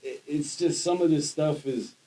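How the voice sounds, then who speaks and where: A man co-hosting a podcast, talking in an animated, rambling way with lots of restarts and casual slang. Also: on the high side, moderate pace, slight background noise, low-quality recording. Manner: animated, rambling with restarts, says bro and dude. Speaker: podcast co-host. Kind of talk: casual chat.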